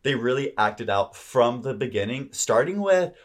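A man's voice: medium pitch, expressive, normal speed. Gossipy young man with constant "like". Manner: gossipy, filler-heavy, says "like" constantly. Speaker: podcast co-host. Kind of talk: casual recap chat.

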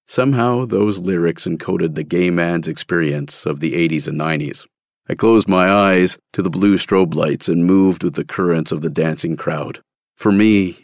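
A man's voice: low-pitched, vocal fry, no room sound, clean studio sound. A man narrating his own memoir story in a candid, wry, emphatic way, read from a script. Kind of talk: scripted first-person storytelling.

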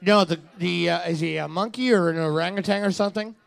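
High, gravelly sidekick, teasing, rambling, riffing live in a bar. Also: male voice, quick pace. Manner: teasing, rambling, laughing along. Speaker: co-host. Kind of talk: live banter.

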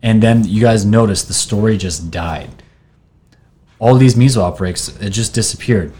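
A man's voice: lowish voice, moderate pace, warm tone. A man hosting his own video channel, talking casually and rambling while reading posts and articles off his screen, with restarts and fillers. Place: New York.

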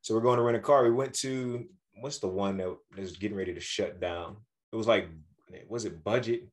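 A man co-hosting a podcast, telling a travel story in a casual, animated way and acting out the people he quotes. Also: lowish voice, fairly quick. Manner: animated, acts out quoted voices. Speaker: podcast co-host.

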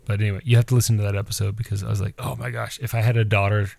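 A middle-aged man co-hosting a podcast, chatting in an animated way and mimicking his kids as he tells stories. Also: fairly low pitch, rapid-fire, creaky, no room sound. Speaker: podcast co-host, teacher. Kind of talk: casual chat.

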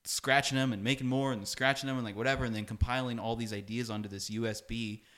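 A man's voice: mid-range voice, fast talker. A young man, a music producer, talking as a guest in a casual conversation, full of "like" and acting out what people said. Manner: animated, fills speech with "like", acts out quoted dialogue.

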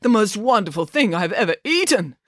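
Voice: medium pitch, very animated, a little fast, fairly bright tone, no room sound, studio quality, pitched above the performer's own voice. A storyteller voicing a foolish, greedy king who talks eagerly and pleads for more. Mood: pleading.

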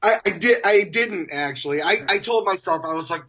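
A man in his forties, a guest telling stories in a casual, animated way, often laughing as he talks. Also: high voice, brisk, highs cut off. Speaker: interview guest. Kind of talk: casual storytelling.

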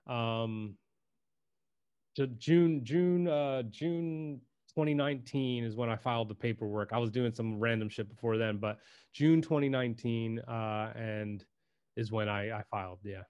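A man's voice: mid-range voice, a little slow, clear, resonant tone, muffled recording. A man as a podcast guest, telling his story casually, saying "dude" a lot and swearing freely. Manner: laid-back, swears freely, says "dude" often; acts out quotes in lively voices. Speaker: podcast guest, personal branding videographer.

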